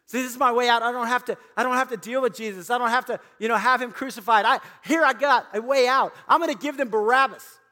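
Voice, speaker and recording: A man's voice: extremely high pitch, lively intonation, measured pace, pauses often, sharp tone, long reverb tail, voice pushed up, heavily acted. A man voicing an anxious, torn Roman governor in an agitated, pleading manner. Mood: scheming.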